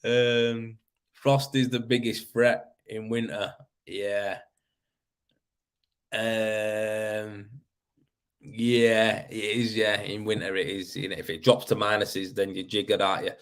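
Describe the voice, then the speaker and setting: Chatty West Yorkshire man, lowish voice. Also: little pitch movement, slow. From Leeds, West Yorkshire. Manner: rambling, laughs often, says "you know what I mean". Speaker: plastering livestream host. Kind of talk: casual livestream chat reading comments.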